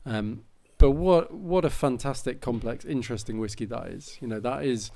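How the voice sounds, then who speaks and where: A man's voice: mid-range voice, normal speed, gravelly, dark tone. A man hosting a podcast, talking in a rambling, enthusiastic way with many fillers and restarts. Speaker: podcast host. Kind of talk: casual chat.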